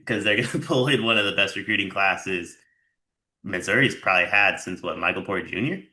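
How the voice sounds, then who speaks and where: A man's voice: deep voice, fairly quick, sharp tone. A man co-hosting a sports podcast who talks in a loose, rambling way with lots of filler words. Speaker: podcast co-host. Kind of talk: casual sports chat.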